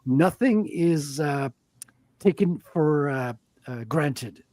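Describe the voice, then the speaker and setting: A man's voice: a little high, animated, slow, darkish tone, dry recording. A man co-hosting a podcast, talking enthusiastically and swearing casually. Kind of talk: casual chat.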